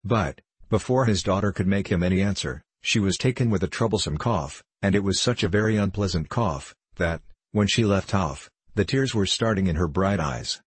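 A man narrating a classic novel as an audiobook reader, measured and wry. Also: deep voice, slightly rough, no echo. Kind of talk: scripted narration.

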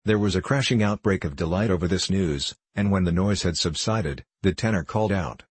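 A man narrating a classic story for an audiobook in a measured, even manner. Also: sits low, husky, no room sound.

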